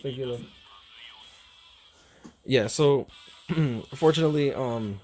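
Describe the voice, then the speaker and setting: A young man talking casually to his viewers, rambling and repeating himself, swearing freely, halting and emotional. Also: medium pitch, mellow, soft background music. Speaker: streamer.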